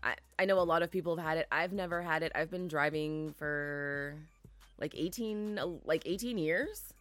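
Low-voiced woman chatting on a podcast. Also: fairly bright tone, no echo. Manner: measured retelling with many fillers. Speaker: podcast co-host. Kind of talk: casual podcast chat.

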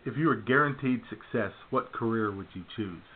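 A man's voice: fairly low pitch, normal speed, slight background noise. A man hosting a casual talk radio show, firing off upbeat quiz questions and laughing easily. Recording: tinny phone-like sound.

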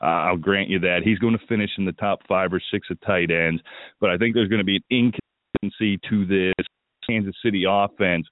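Deep-voiced fantasy football radio host. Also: male voice, fairly even intonation, a little fast, no echo. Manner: opinionated, thinks aloud with restarts. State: morning voice. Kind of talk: casual sports analysis talk radio. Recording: tinny phone-line sound, dry.

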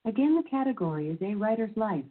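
A woman's synthesized assistant voice reading quiz clues and verdicts in a measured, even announcer manner. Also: medium pitch. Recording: tinny phone-like sound.

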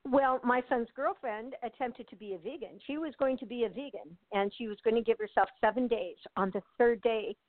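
This older American lady, an actress being interviewed casually, chats away on a tinny, dry phone line with no echo. Her voice is a little high and fairly quick with few pauses, full of laughs, "uhs," and restarted thoughts.

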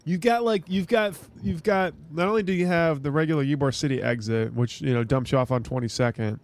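A man's voice: on the high side, brisk. A young man co-hosting a podcast in casual chat, rambling with frequent restarts and casual swearing. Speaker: podcast co-host.

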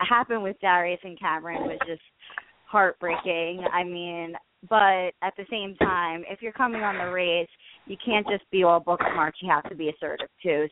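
Woman guest, new york accent, lowish voice, tinny phone line. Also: noisy background. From Staten Island, New York. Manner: quick, upbeat, laughs often. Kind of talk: casual call-in interview.

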